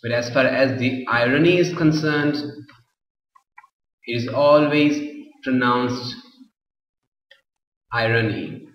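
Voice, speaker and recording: A man teaching an English literature class, explaining slowly and often repeating himself. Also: medium pitch, steady tone. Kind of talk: classroom lecture. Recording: roomy echo, far from the mic, dull lo-fi sound.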